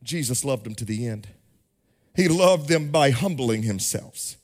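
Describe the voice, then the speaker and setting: A male pastor preaching a sermon in a sing-song cadence, rising to shouts at the high points. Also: lively intonation, a little slow. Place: church sanctuary.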